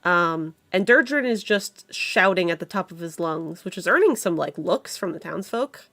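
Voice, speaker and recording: A woman narrating as game master of a tabletop game, describing scenes slowly with fillers. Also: fairly low pitch, animated, a bit bright, no echo, studio quality.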